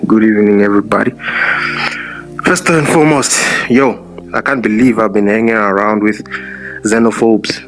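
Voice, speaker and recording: A man speaks earnestly on a live-stream panel, stalling often with fillers. His voice sits fairly low. Faint music plays behind him on the phone mic. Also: fairly even intonation, normal speed, long pauses. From South Africa. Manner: hesitant, many fillers, earnest.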